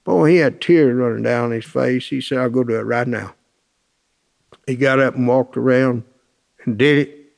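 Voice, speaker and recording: A man's voice: medium pitch, expressive, unhurried, gravelly, pauses often. A man telling plainspoken, colloquial anecdotes with lots of quoted dialogue, in a folksy storytelling talk.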